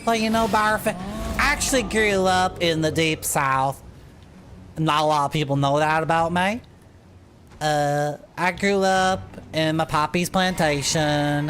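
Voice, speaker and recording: Woman doing a Southern belle voice, drawling, folksy country girl, tall-tale rambling, pitched up high. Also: slight background noise, lightly acted. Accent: put-on American Southern. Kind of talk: comic improvised character bit.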